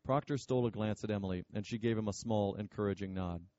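A man narrating an audiobook in a steady, measured way, with a low voice. His tone is warm and mellow. The recording is dry and a little dull. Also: dry recording.

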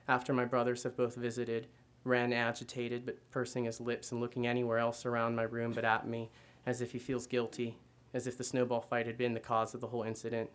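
A man giving a measured first-person reading of literary fiction. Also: mid-range voice, smooth. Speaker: reader.

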